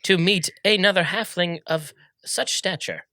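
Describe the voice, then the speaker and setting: A man voicing a courteous male halfling adventurer who speaks in a slow, formal way. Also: high-pitched, pushed and bright, no room sound, clean studio sound, voice pushed up, heavily acted. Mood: courtly.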